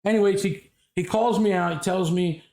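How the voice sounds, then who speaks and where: A man's voice: high voice, normal speed. A man chatting casually with friends, telling a story and acting out the quoted lines. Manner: animated retelling, acts out quoted dialogue. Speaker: streamer telling a story in group voice chat.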